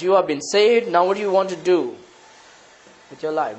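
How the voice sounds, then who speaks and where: A man's voice: high voice, lively intonation, normal speed, low-quality recording. A man with an Indian English accent, preaching a sermon as pastor, asking the congregation rhetorical questions and repeating phrases.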